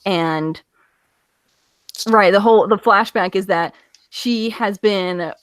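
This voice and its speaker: A woman co-hosting a casual review podcast over an online call, retelling a story in an animated way with many filler words and acted-out quotes. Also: medium pitch, slow, dry recording. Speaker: podcast co-host. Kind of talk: casual comic-book review chat.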